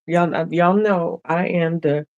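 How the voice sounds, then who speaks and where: A woman's voice: lowish voice, steady tone, a little slow, a little mellow, no echo, muffled recording. Woman, chatty sewing live-stream host, laughs often, dry close sound. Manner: chatty, laughing, talks to viewers directly. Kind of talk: casual live-stream chat with viewers.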